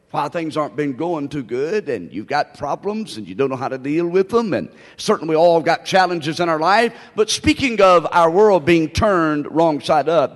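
A man's voice: on the high side, fairly bright tone. A man preaching a sermon as pastor, telling folksy stories and drawing out his key phrases for emphasis. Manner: folksy storytelling with drawn-out emphasis. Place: church sanctuary. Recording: long reverb of a large hall.

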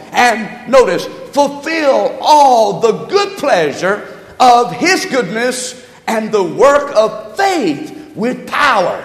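Preacher guy, high pitched, slows down and shouts the big lines, long church echo. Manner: preaching with slowed, shouted emphasis and scripture reading; calls to the congregation for amens and note-taking. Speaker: pastor. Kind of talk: sermon. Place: church sanctuary. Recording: echoey hall, long reverb.

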